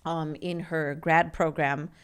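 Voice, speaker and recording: A woman's voice: sits low, little pitch movement, clear, resonant tone. A woman in her forties from California, a podcast guest telling her life story in a candid, earnest way. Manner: earnest and open, with halting restarts.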